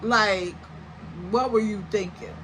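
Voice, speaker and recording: A young woman telling a story in a casual, animated, slangy way, full of exaggerated comparisons. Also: mid-range voice, takes it slowly, a little hiss or hum, poor audio. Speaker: storytime vlogger.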